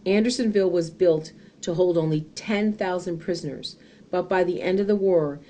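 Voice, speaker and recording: A woman's voice: fairly low pitch, normal speed, dark tone. Earnest woman reading a story aloud. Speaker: reader. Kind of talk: reading a children's book aloud.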